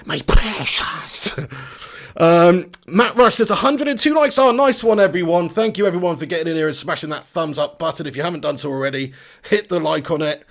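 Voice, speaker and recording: A man hosting a live stream, chatty and energetic, reading out viewer comments. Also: fairly high pitch, quick pace, vocal fry. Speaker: football fan channel host.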